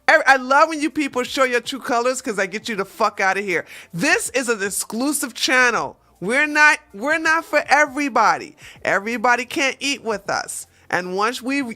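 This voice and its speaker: A woman's voice: on the high side, pushed and bright. A woman hosting a political commentary livestream, brash, profane and sassy, firing off mocking outbursts between stories she reads aloud.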